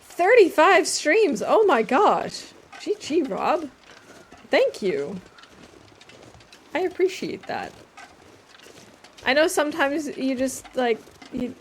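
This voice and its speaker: A woman with a slightly raised pitch talks through her game stream in a loose, rambling way. She chats with her viewers as she plays and keeps a self-amused tone. A faint hum sits under her voice. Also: a little mellow. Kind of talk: casual let's-play commentary.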